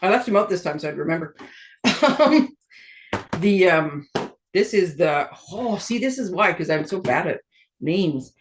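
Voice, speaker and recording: Speaking at a measured pace in an animated voice on the low side, a middle-aged woman from Canada runs a casual card-making tutorial. As a stamping demonstrator she chats and rambles, often laughing at herself.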